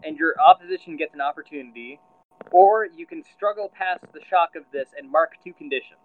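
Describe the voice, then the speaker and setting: A man runs a tabletop role-playing game as game master, spinning the scene with plenty of fillers and restarts. His voice sits fairly high and swings widely in pitch. The recording sounds a bit muffled. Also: wildly swooping pitch, a little fast, vocal fry. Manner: storytelling with frequent fillers and restarts.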